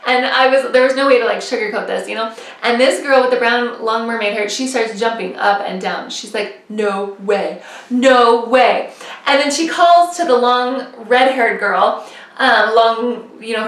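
A woman vlogger with a high voice tells a personal faith story, animated and self-mocking. She tosses in quick asides. The sound is roomy and echoey, with the mic set some distance away. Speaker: religious vlogger.

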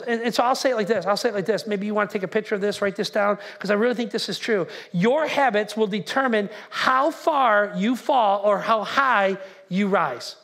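A man pastor preaching a conversational, animated sermon in a church. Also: high voice. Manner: conversational, animated, shouts acted-out quotes. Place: church sanctuary.

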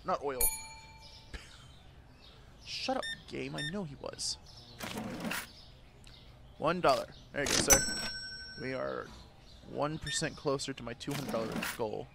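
A man's voice: mid-range voice, takes it slowly, gravelly, pauses often, very noisy. A man giving crude, joking commentary while playing a game, trash-talking the characters on screen and laughing often. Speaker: gaming YouTuber. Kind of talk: gameplay commentary.

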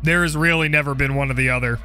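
A young man commenting on his game play, joking and getting excited as he goes. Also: mid-range voice, quick pace, smooth, faint music behind. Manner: jokey, excitable, role-plays as the character. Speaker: gaming video creator.

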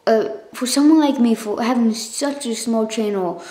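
Recording on her phone in an echoey room, the channel owner makes a casual thank-you vlog, rambling, correcting herself, coughing and clearing her throat. She speaks at a moderate pace in a slightly high voice with a dark tone.

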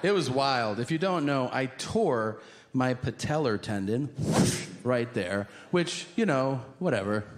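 Male stand-up comedian, storytelling, lively pitch, noisy live stage sound. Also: slow. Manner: animated storytelling with voiced characters. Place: live comedy venue with audience.

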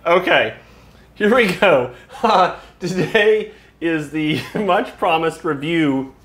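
A man hosting a casual product review, chatting at length and explaining things, often breaking into laughs. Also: on the high side. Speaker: host reviewing flight sim gear. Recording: roomy echo.

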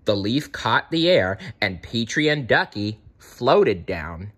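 Male storybook narrator, unhurried, dramatic and lively reading. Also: lowish voice. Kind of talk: storybook read-aloud.

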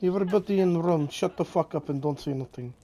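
A man's voice: fairly high pitch, fast, a little hiss or hum. Menacing profane man interrogating in roleplay. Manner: menacing, swings from shouting to hushed taunts. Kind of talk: in-character game roleplay.

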